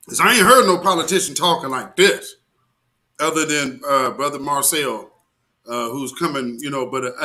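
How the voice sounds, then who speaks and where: Bright-voiced man hosting a live stream. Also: medium pitch, unhurried. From American South. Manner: excited, talks back to a played clip. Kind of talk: casual live commentary.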